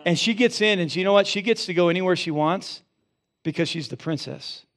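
A man who is a pastor, preaching a sermon with animated storytelling and then leading a quiet prayer in a church. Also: sits high, brisk. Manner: animated storytelling, rising loud for emphasis, dropping soft in prayer. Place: church sanctuary.

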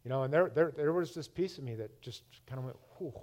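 A man preaching a personal testimony, emphatic, swinging between loud and hushed, often repeating his words. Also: mid-range voice, quick pace, dull audio.

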